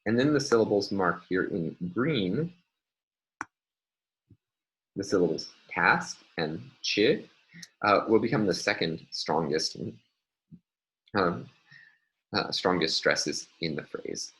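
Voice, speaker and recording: A man with a very deep voice delivers a recorded university lecture. He explains each point step by step in a measured way, often pausing with fillers. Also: expressive, fairly bright tone, low-quality recording.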